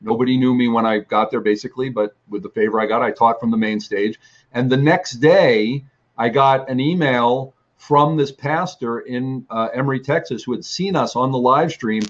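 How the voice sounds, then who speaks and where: Heard on a lo-fi recording, this male ministry teacher talks at a normal speed in a mid-range voice. He rambles through a lengthy personal testimony of his travels, full of fillers and restarts.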